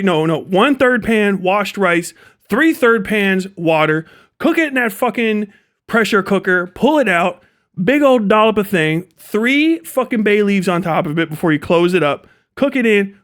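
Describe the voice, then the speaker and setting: A high-pitched young man talks on his own livestream. His rant is loose, profane and animated, and he breaks into laughter often. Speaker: livestream host.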